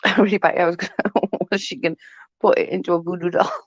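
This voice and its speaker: A woman's voice: fairly low pitch, level tone, quick pace, dry recording. A woman in her forties chatting casually with viewers on a livestream, laughing often and swearing freely as she rambles. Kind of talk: casual live chat. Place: at home. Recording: dull, dry lo-fi sound.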